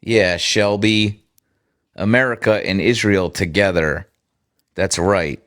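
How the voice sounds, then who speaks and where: A man with a low, deep voice hosts a livestream and talks straight to his viewers. His chat is loose and casual, full of sarcasm and swearing. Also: slow, fairly bright tone. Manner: sarcastic, profane banter with viewers. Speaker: livestream host.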